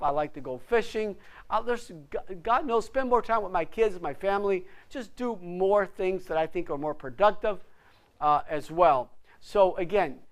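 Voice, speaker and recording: A man who is a real estate broker, giving an instructional class to agents in an emphatic, motivational way and repeating words for stress. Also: high voice. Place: office classroom.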